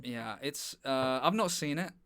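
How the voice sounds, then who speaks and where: A man's voice: medium pitch, expressive, unhurried, fairly bright tone, clear, resonant tone. A man improvising a pompous, self-important acting coach on a live stream. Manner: mock-authoritative, self-important. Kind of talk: improvised comedy bit. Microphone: webcam mic on a live stream.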